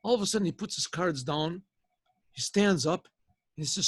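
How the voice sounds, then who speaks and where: A man, a rabbi, telling a story in a loose, casual way, with restarts and frequent throat clearing. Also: a little high, expressive, a little fast, no room sound. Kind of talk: storytelling lesson.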